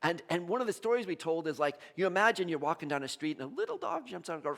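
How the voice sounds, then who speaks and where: A man preaching a sermon as pastor in a church, animated, acting out quoted voices and joking with the congregation. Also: fairly high pitch, quick pace, creaky, few pauses.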